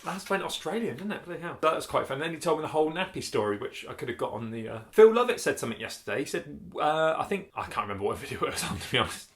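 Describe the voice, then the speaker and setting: A man's voice: on the high side, very animated, very fast, hardly any pauses. A middle-aged man hosting a casual vlog, chatty and joking, often laughing as he talks. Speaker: vlog host. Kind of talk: casual chat.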